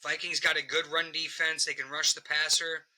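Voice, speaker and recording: Bright, profane sports podcast host. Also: male voice, a little high, moderate pace, low-quality recording. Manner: profane, animated football picks. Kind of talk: casual sports podcast banter.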